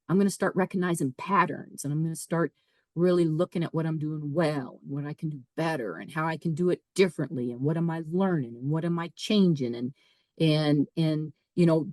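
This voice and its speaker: Middle-aged woman guest, low voice, dry close sound; emphatic storyteller who repeats herself. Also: a little mellow, no echo. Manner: emphatic, repeats phrases, quotes her own thoughts aloud. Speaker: podcast guest. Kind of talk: personal storytelling.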